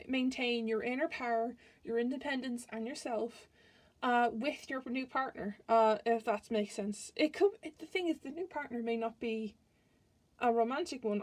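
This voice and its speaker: A woman with a fairly high voice talks through a tarot reading in a loose, chatty way. She rambles and keeps breaking off to restart her sentences. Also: a little mellow. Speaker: tarot reader.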